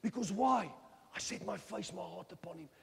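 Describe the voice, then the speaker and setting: A man with a South African accent preaching a sermon in a church. He swings between hushed phrases and shouting, with Afrikaans phrases mixed into his English. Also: high voice, moderate pace, vocal fry. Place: large church hall. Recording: church hall with long reverb.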